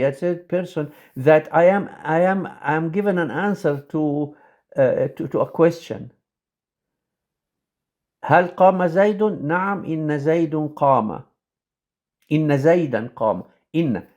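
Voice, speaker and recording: Halting male lecturer with many fillers. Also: fairly high pitch, darkish tone. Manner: says example sentences quickly. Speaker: teacher.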